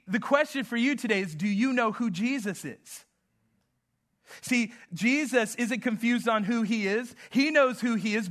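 A man preaching a sermon, telling family stories with humor and a slow, emphatic delivery. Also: very high-pitched, fairly bright tone. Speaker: pastor.

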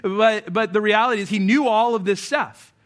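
A man preaching as pastor, talking in a casual, joking way and reading scripture aloud slowly. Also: high-pitched, fairly bright tone. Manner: casual and joking, acts out everyday scenes. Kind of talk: sermon.

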